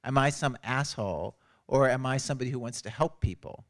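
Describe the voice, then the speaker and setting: A man's voice: medium pitch, brisk. A man hosting an onstage conversation as a radio interviewer, speaking in a wry, conversational way. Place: stage at an awards event.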